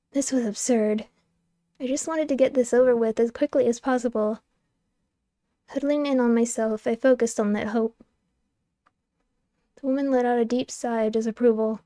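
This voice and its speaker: A young woman streamer reading a game's narration aloud, lively and wry, on a close microphone. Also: a little high, normal speed, no room sound. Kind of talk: expressive narration of a game's text.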